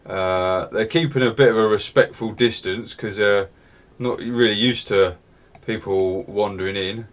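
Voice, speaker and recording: A man narrating as game master in a tabletop game, relaxed and hesitant, with many fillers. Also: on the low side, unhurried, few pauses.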